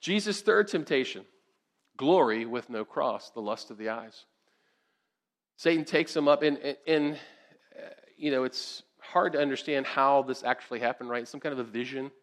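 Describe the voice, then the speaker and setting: In his sermon, a male pastor with a medium-pitched voice talks to the congregation in an animated, conversational manner. Questions aimed at the listeners come up often.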